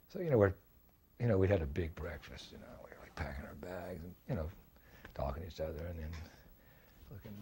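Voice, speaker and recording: Older man, monk speaker, mellow husky voice, anecdotal storytelling. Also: low-pitched, a little fast, pauses often. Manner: anecdotal, full of fillers and acted quotes. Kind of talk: storytelling reminiscence.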